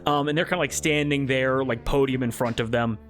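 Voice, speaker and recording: A young man narrating as game master, relaxed and full of fillers. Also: mid-range voice, fairly quick.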